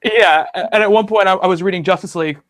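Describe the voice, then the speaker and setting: A man with a slightly high voice hosts a relaxed comics chat. He rambles, restarting sentences and piling on fillers as he goes. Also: fast talker. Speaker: podcast host. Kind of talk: casual chat about comics.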